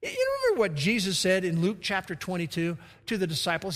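A high-voiced man preaches from the pulpit, moving from a gentle story into emphatic reading of scripture. His voice rings out with a long reverb in a large church hall. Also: huge pitch swings, quick pace, few pauses. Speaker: pastor. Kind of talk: sermon.

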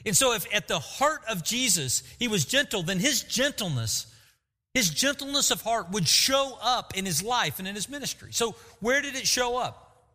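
Guy preaching a sermon, bit high-pitched, lively, echoey church. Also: normal speed. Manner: lively preaching, acts out dismissive quotes. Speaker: pastor. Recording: long hall reverb.

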